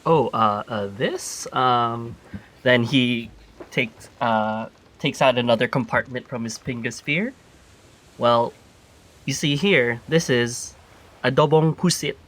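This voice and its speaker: A man's voice: mid-range voice, takes it slowly, a bit bright. A man voicing a chatty, generous male warrior cook who talks eagerly with many fillers.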